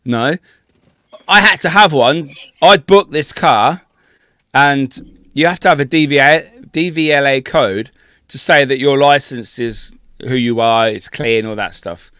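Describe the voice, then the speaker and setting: Sweary, animated podcast guy. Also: mid-range voice, a little slow, clean tone, no echo, studio quality. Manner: sweary, laughing, animated storyteller. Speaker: podcast co-host. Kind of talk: casual storytelling chat.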